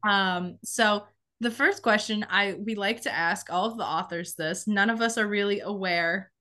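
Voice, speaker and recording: A woman's voice: mid-range voice, normal speed, bright, forceful tone. A young woman hosting a podcast interview, chatty and a little rambling, her voice slightly worn from losing it. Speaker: podcast host. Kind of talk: casual interview chat.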